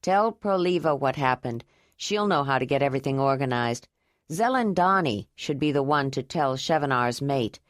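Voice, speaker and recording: A practical male cave leader gives firm orders, as a woman narrator drops her voice to play him. He sounds low and steady, close and dry. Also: moderate pace, no echo. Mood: commanding. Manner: firm, commanding.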